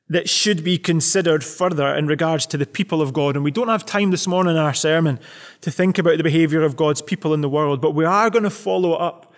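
A pastor gives a Sunday sermon, earnestly pressing one question after another on his congregation. His voice sits high for a man and trails off into a long reverberant tail.

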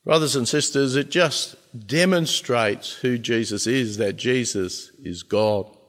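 Male pastor, mid-pitched, earnest sermon with weighty pauses and rising emphasis; long hall reverb. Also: a bit bright.

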